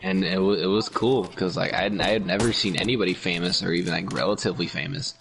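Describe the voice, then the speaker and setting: A man's voice: sits low, gravelly, fairly bright tone, a little hiss or hum. A young man chatting casually with a friend, telling profane, rambling stories. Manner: rambling, profane storytelling with quick impressions of others. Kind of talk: casual chat.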